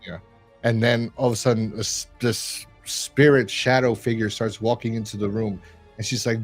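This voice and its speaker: A man's voice: lowish voice, flat delivery, moderate pace, faint music behind. A man hosting a review podcast, chatting casually and rambling with lots of fillers. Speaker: podcast host reviewing a horror episode. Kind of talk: casual chat.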